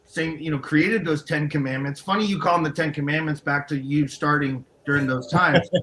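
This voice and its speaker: Upbeat guy co-hosting a podcast, higher bright voice, hypes people up. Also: fairly quick, a little hiss or hum, poor audio. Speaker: co-host. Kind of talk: casual podcast conversation.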